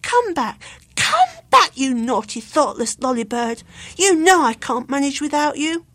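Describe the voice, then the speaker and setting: A woman's voice: sits high, expressive, a little slow, vocal fry, dry recording, heavily acted. A woman voicing a distressed man hunting for his runaway bird in a storybook, raised and pleading. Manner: pleading and calling out. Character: anxious grown man searching for his lost bird.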